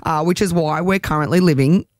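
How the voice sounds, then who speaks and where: A woman's voice: low-pitched, fairly quick, dry recording, clean studio sound. Chatty Australian woman telling a story. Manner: chatty storytelling, animated quoting. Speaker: radio co-host. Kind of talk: casual chat.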